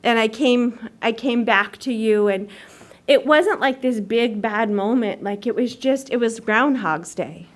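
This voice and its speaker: A woman's voice: on the high side, measured pace. A woman sharing her personal recovery story at a meeting, in a chatty, self-mocking way and laughing often. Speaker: AA meeting speaker. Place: meeting hall.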